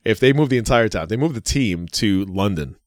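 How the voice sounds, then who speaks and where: A man's voice: fairly low pitch, expressive, brisk, no room sound, clean studio sound. A man co-hosting a casual wrestling podcast, loose and jokey, laughing often. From New York State. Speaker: podcast co-host.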